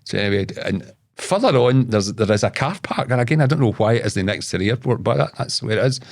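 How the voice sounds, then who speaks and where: A man's voice: mid-range voice, animated, fast, creaky. A man with a Scottish accent, a guest telling a long story in casual talk, swearing freely and tripping over and repeating his words. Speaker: podcast guest.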